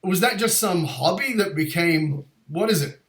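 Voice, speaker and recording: A man in his fifties hosting an interview show, a lively storyteller who laughs often. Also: high voice, moderate pace. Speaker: podcast host. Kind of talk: casual interview chat. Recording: roomy echo.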